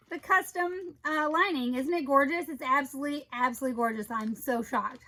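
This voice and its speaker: A woman chatting through a casual product review vlog, gushing about her collection with playful asides and quick self-corrections. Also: high voice, pushed and bright, poor audio.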